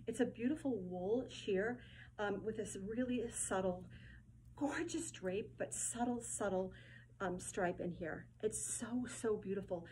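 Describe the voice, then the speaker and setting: A woman hosting a casual showcase of fabrics, effusive and gushing, often repeating her words and filling pauses with ums. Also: mid-range voice, darkish tone, a little hiss or hum, rough recording. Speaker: host presenting fabric collection.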